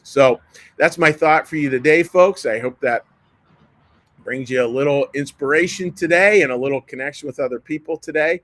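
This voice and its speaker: A man's voice: medium pitch, fairly quick, a bit bright, low-quality recording. A man in his fifties giving a sermon as a pastor, in a folksy manner with frequent restarts and repeated words. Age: 50s.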